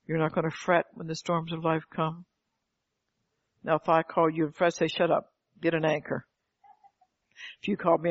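Older woman preacher, fervent sermon delivery, gravelly and husky, heard on a dull lo-fi recording. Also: sits low, dry recording. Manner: fervent, calls out "Amen" and rhetorical questions. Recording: dull lo-fi, dry sound.

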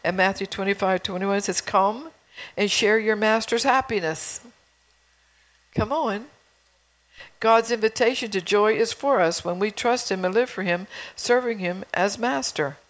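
A woman's voice: medium pitch, unhurried, rough recording. A woman preaching a sermon in a conversational way, reading scripture and telling stories from her own home life.

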